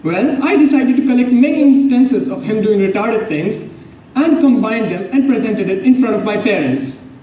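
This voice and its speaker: Young man, humorous contest speech, high lively voice, distant in an echoey hall. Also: normal speed, slight background noise. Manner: animated, punchline-driven delivery. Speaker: contest speaker. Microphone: far from the mic. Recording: echoey hall, mic far off.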